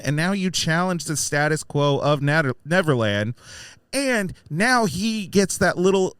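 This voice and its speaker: Lively, animated man reviewing a film. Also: on the high side, unhurried, clean tone, dry recording, clean studio sound. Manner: animated, acts out lines in mocking voices. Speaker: podcast co-host. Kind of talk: casual film review chat.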